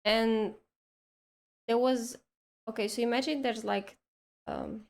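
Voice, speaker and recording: Woman telling a story slow, highish voice, lots of "like" and restarts. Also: steady tone, creaky. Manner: rambling, full of "like" and restarts. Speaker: streamer. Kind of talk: casual storytelling chat.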